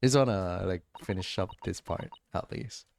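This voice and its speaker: Casting: sleepy twenties streamer, soft mumbly asides, low voice. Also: male voice, normal speed, creaky. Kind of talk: casual game commentary.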